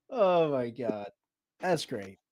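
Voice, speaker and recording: A man hosting a casual chat, asking relaxed, curious questions and reacting quickly. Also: fairly high pitch.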